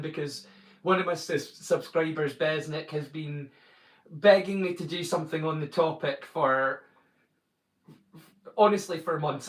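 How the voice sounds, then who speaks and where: A slightly high male voice comes through a distant mic with reverberant sound. The speaker, a livestream watchalong host from northeast Scotland, chats casually in a Doric accent, joking and greeting people by name.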